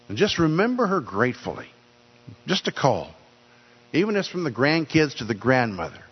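A man's voice: medium pitch, sing-song, normal speed, husky. Earnest older man preaching in a reverberant hall. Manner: earnest, repeats phrases for emphasis. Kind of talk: sermon. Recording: dull sound with long hall reverb.

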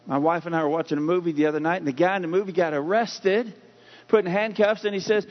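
A man preaching a sermon, telling folksy everyday stories and reading scripture slowly and deliberately. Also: high-pitched, vocal fry. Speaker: pastor. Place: church sanctuary. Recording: muffled sound in a long-reverb hall.

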